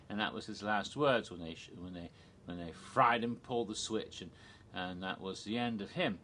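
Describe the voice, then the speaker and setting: A man's voice: fairly low pitch, normal speed, sharp tone. A man casually telling theme park history on his own, rambling and digressive, with many ums and restarts. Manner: chuckles at his own jokes. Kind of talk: casual solo storytelling.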